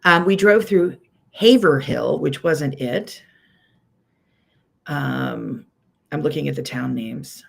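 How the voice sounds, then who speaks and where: A woman with a Pittsburgh accent chats casually on her livestream. Her voice sits low with a gravelly edge. She rambles warmly through greetings, filling pauses with "um.". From Pittsburgh, USA. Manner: chatty, rambling, many "um"s, greets viewers by name. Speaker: quilting teacher hosting a weekly livestream.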